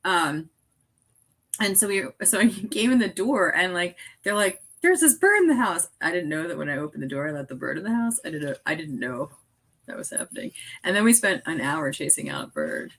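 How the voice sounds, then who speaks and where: A woman's voice: sits low, very animated, a little fast, a bit bright, slightly rough. A middle-aged woman co-hosting a casual late-night live stream, bubbly and chatty, pulling tarot cards and laughing often.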